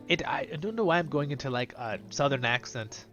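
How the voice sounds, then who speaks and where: A man's voice: medium pitch, expressive, fairly quick, hardly any pauses, a bit bright, lo-fi sound, faint music behind. A man hosting a gameplay stream, chatting casually in a rambling, self-deprecating way. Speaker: host and streamer.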